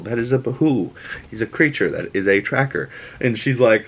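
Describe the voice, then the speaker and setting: A young man with a Boston accent hosts his own show, casually recapping a TV episode and ranting with profanity. His medium-pitched voice is animated with a breathy edge at a moderate pace, and he acts out characters' lines in shifting voices.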